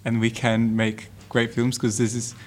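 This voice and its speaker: A man's voice: mid-range voice, monotone, a little slow. A man, a student guest in a casual discussion, speaking hesitantly with many fillers.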